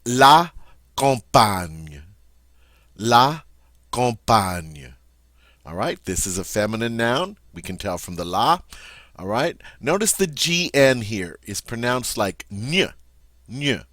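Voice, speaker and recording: A man teaching French vocabulary, repeating each word slowly and clearly and explaining it in a friendly, encouraging way. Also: mid-range voice, very animated, fairly bright tone, no echo, studio quality. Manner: slow, drawn-out model pronunciations with repeats. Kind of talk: vocabulary lesson.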